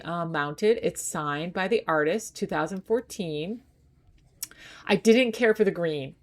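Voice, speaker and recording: A woman chatting casually and eagerly in a thrift shopping vlog, thinking aloud about her finds. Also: lowish voice. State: out of breath while loading the car. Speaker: thrift vlogger. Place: indoors at home on a couch.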